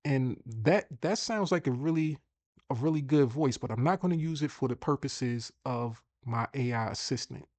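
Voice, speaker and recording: A man's voice: medium pitch, normal speed, a little mellow, dry recording. A man hosting a casual screen-share tutorial, chatty and thinking aloud as he repeats himself. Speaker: host.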